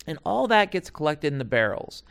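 A man's voice: fairly high pitch, sing-song, fairly quick, vocal fry, fairly bright tone, clean tone, no room sound, clean studio sound. A man in his forties or older telling stories from his past jobs in a digressive, profane way, full of asides and restarts. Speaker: storyteller recounting past jobs. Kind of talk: casual rambling monologue.

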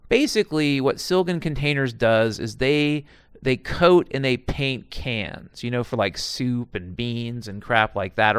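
A middle-aged man tells his stories in a loose, wandering monologue, swearing freely and often stopping to restart a thought. His voice is smooth and resonant, and it sits at an ordinary pitch for a man. The sound is dry and close, with no room around it. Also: a bit bright, no echo. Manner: digressive, profane, frequent restarts and asides. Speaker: storyteller recounting past jobs. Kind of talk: casual rambling monologue.

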